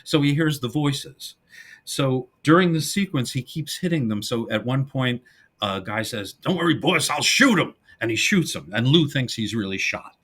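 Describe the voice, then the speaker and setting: A man's voice: medium pitch, normal speed. A middle-aged man co-hosting a podcast, animatedly retelling classic comedy scenes in casual conversation. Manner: animated storyteller, acts out the film's lines in character. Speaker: podcast co-host. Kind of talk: casual film discussion.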